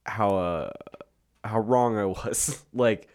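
A man's voice: lowish voice, takes it slowly, a little mellow. A young man co-hosting a podcast, talking casually in a rambling way with many restarts and laughs. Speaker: podcast co-host. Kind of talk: casual chat.

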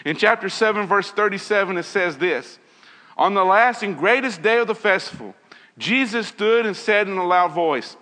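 Man, Bible teacher, high bright voice, earnest, hall reverb. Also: lively intonation, normal speed. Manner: earnest, repeats phrases, reads scripture aloud. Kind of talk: evening Bible lesson.

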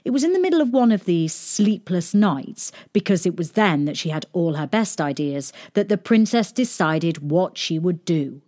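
A woman reading a children's story aloud in a gentle, expressive storytelling manner. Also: lowish voice, normal speed, few pauses.

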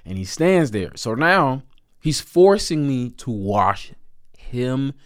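A man's voice: medium pitch, slow, no echo, studio quality. A man casually telling a personal story with jokes, often breaking into laughter. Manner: animated, joking, laughs between lines.

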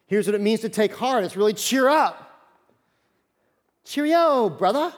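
A man in his thirties preaching a sermon as pastor, acting out the Bible figures in quick voices. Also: sits high, in a large hall. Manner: animated, acts out Bible characters in quick voices.

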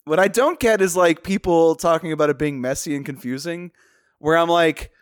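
A man with a somewhat high voice argues his view of a film with energy, dropping curse words for emphasis. He is recorded dry and close, with no room echo. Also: moderate pace, smooth. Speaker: podcast co-host. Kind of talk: casual film discussion.

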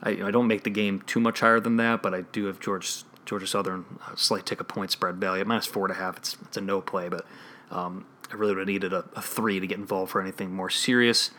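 A man's voice: low voice, flat delivery, fast talker, a little hiss or hum. A man with a Chicago accent hosting a solo sports betting podcast, talking through analysis and often restarting his phrases. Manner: analytical, restarts phrases, trails off quietly at ends.

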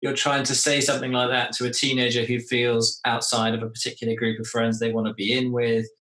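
A man hosting a podcast interview, asking thoughtful questions in a relaxed, conversational way. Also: mid-range voice, brisk. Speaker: podcast host. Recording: roomy echo.

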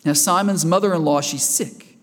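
A man's voice: fairly high pitch, moderate pace. A man preaching a sermon in a church, conversational and asking the congregation questions as he goes. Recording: reverberant church hall.

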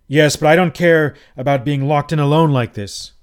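A man's voice: on the high side, moderate pace, clean tone, voice pushed up, close to an everyday voice. A man reading aloud, voicing a frightened young male guest who cries out urgently and indignantly. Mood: alarmed.

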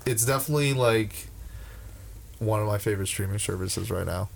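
A man's voice: on the low side, a little fast, gravelly. A young man in casual podcast chat, ranting with heavy swearing and frequent restarts. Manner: profane, ranting, with many restarts.

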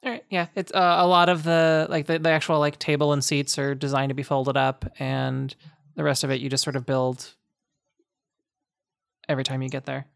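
A woman's voice: rumbling low, little pitch movement, moderate pace, vocal fry, clear, resonant tone, no echo, studio quality. A woman game master narrating a tabletop game in a rambling way, with lots of restarts and laughs.

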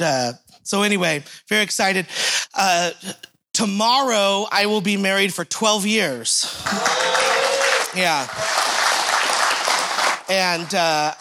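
A man in his thirties giving a relaxed, joking church welcome full of fillers, then praying in a repetitive, rhythmic cadence. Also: sits high. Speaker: church speaker giving welcome and opening prayer. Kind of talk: casual church greeting and spoken prayer.

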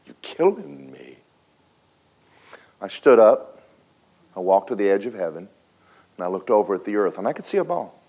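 A man preaching a sermon, telling a story dramatically, switching between loud and hushed and talking straight to the congregation. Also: on the low side, lively intonation, a little fast, pauses often. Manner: folksy, speaks to the congregation directly.

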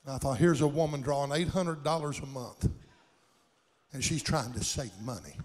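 A man's voice: mid-range voice, normal speed, in a large hall. An older man preaching a sermon in a church sanctuary, with impassioned, folksy delivery and plain country grammar.

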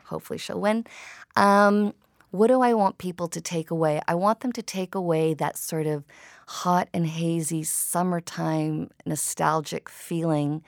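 A woman's voice: fairly low pitch, fairly even intonation, a little slow, dry recording, studio quality. A woman filmmaker interviewed about her work, talking reflectively and telling stories. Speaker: filmmaker guest. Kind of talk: interview conversation.

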